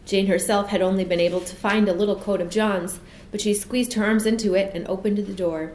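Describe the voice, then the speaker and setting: A woman narrating a children's story in an expressive, measured way. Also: mid-range voice. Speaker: audiobook narrator. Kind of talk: storybook reading. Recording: echoey room with faint hiss.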